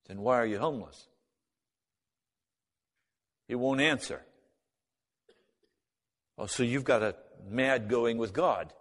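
A man's voice: medium pitch, slow, pauses often. A man giving a spoken personal testimony, acting out both sides of remembered conversations as he tells the story. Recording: long hall reverb.

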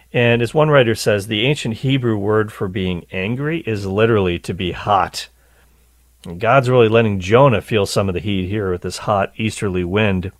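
A man hosting a radio Bible teaching show, talking in an animated way and often repeating words as he starts a thought. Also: lowish voice, a little fast, no room sound. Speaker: radio host.

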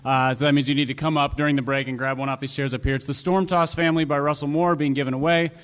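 A man's voice: a little high, steady tone, fast talker, a bit bright. Man with a dry, wry wit. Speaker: co-host. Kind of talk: live podcast banter. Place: live stage show before an audience.

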